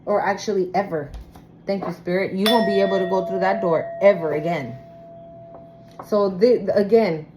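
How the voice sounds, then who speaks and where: A woman's voice: mid-range voice, mellow, slight background noise, low-quality recording. A woman giving a casual spoken tarot reading, talking bluntly and emphatically with plenty of swearing. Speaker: tarot reader.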